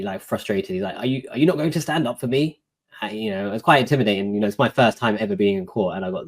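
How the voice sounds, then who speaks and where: A man talking casually as a guest, recounting a court visit with lots of fillers like "you know". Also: fairly low pitch. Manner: relaxed, filler-heavy, recounting a court dialogue. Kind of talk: casual conversational storytelling.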